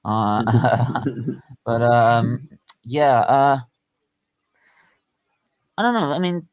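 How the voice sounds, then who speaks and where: A man hosting a casual stream chat, excitable and quick to laugh. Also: mid-range voice, smooth, low-quality recording. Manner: excitable, laughs a lot, shouts when retelling. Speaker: stream host.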